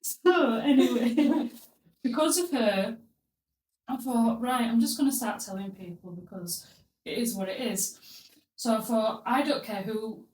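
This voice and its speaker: A woman's voice: on the high side, unhurried, darkish tone, recorded from a distance, a little hiss or hum. A young woman telling a story on a casual podcast, blunt and crude with comic timing. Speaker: podcast host. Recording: roomy, a bit off-mic.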